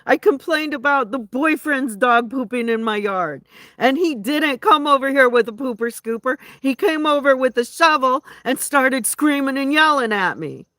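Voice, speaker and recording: A woman's voice: high-pitched, expressive, normal speed, pushed and bright, dry recording, clean studio sound. A woman ranting indignantly to her viewers in a rambling, casual way, often restarting her sentences. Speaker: vlogger. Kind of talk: casual venting rant to viewers.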